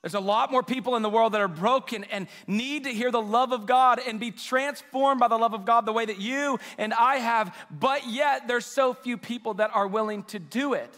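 A young adult man preaching a sermon, telling a story with quoted dialogue in an animated, self-mocking way. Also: very high-pitched, normal speed, few pauses. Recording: live reverberant hall.

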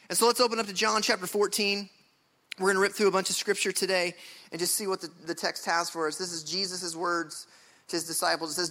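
A man's voice: high voice, bright, forceful tone. A man preaching a sermon, emphatic and casual, repeating words as he builds a point and slipping into slang. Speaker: pastor.

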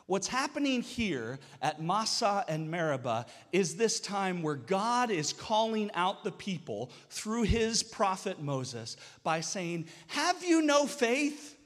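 A man in his thirties preaching a sermon, telling the story in a lively way and acting out whiny voices. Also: sits high, takes it slowly, hardly any pauses, long reverb tail. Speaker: pastor.

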